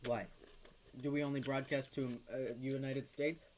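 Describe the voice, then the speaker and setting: A man's voice: medium pitch, flat delivery, moderate pace, a little mellow, slight background noise, low-quality recording. A young man co-hosting a live chat show with his father from a home basement, teasing with dry wisecracks. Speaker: co-host, son.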